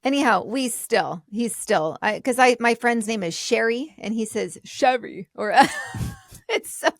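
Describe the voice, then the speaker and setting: A woman co-hosting a podcast, chatty and quick to react and laugh. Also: on the high side, lively intonation, no room sound, clean studio sound. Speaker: podcast co-host. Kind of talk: casual podcast talk.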